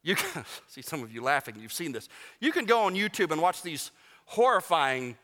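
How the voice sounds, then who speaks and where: Animated preacher in a reverberant church. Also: male voice, a little high, moderate pace. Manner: animated, joking preaching with emphatic rises. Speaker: pastor. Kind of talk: sermon. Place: church sanctuary.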